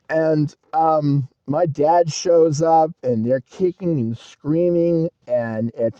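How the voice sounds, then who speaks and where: A man's voice: a little high, slow pace, a loud crowd, poor audio. A young man telling a personal story in a rambling, candid way, full of fillers and swearing. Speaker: vlogger.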